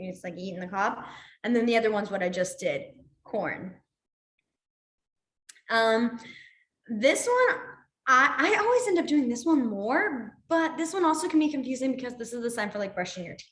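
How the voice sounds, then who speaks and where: A woman's voice: on the high side, fairly bright tone, roomy sound. A young woman teaching a sign language class online, chatty, apologetic and easily sidetracked, laughing often.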